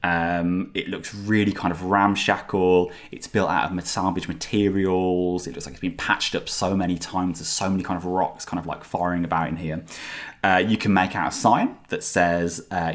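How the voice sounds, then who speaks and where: Male game master, deep voice, casual rambling scene narration. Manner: rambling, filler-heavy description.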